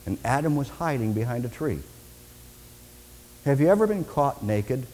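Animated man preaching a sermon in a hall. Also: mid-range voice, normal speed, long pauses, a little hiss or hum. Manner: animated, dramatic, swings from loud to hushed. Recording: long reverb in a large hall.

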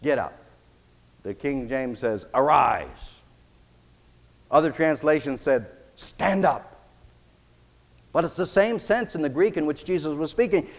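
A man preaching a sermon as pastor, emphatic, swinging between loud declarations and quiet, intimate passages. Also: a little high, normal speed, big-room sound.

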